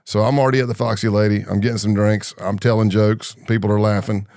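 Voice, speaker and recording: A man's voice: lowish voice, fast, creaky, no echo, studio quality. A middle-aged man from the American South, telling long stories as a podcast guest and acting out the voices of people he quotes. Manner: animated storyteller, acts out quoted voices. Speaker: podcast guest, former undercover agent. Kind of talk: storytelling interview.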